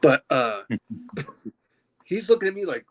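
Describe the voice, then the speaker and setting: A man co-hosting a podcast from home, ranting loudly and angrily with a lot of swearing. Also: high-pitched, moderate pace, a little hiss or hum, poor audio. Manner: loud, profane, animated ranting. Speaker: podcast co-host. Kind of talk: heated podcast rant. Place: at home with his dog.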